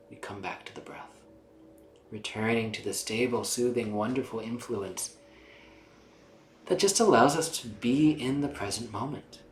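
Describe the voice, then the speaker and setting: Male meditation guide, gentle and soothing, drops to near whispers; roomy sound. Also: medium pitch. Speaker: meditation teacher. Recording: roomy sound with faint background music.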